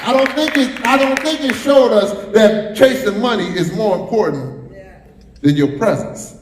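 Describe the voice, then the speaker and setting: A man's voice: sits high, lively intonation, a little slow, crowd noise, noisy background. A man preaching a sermon as pastor, repeating phrases and drawing responses from the congregation. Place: church sanctuary. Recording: echoey hall, roomy reverb.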